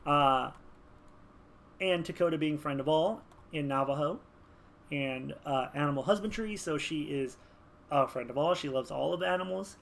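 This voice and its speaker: A man with a slightly high, creaky voice talks at a moderate pace over faint hiss or hum. This gaming video creator rambles through building a game character, animated and heavy on fillers.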